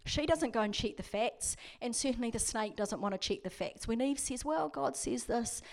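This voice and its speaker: A woman serving as a prison chaplain preaches a sermon that includes a scripture reading. Her voice is slightly high and she talks a bit quickly, telling it in a conversational, story-driven way.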